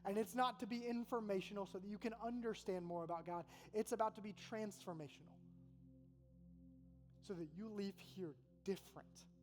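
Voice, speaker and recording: Soft background music sits under this high-pitched, slightly mellow male voice moving at a moderate pace. He is a college pastor preaching earnestly and conversationally, repeating phrases, to an audience in a large Oxford hall that echoes with a faint hum.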